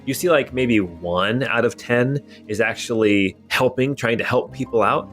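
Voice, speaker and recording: A man's voice: medium pitch, moderate pace, fairly bright tone, soft background music. A man narrating a tabletop role-playing game as game master, describing scenes loosely with many fillers.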